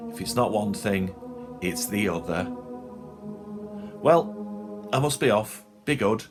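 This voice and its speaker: A man's voice: lowish voice, expressive, slow, music in the background. Man doing a chatty, droning grocer. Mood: chirpy. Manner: cheerfully droning small talk. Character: chatty bland middle-aged male grocer.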